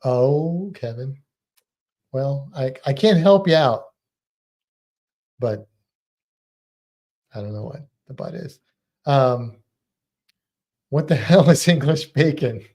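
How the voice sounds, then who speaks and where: A man's voice: medium pitch, slow pace, long pauses, a little mellow. An American man co-hosting a casual live stream, chatting and laughing as he answers viewer comments. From United States. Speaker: livestream co-host.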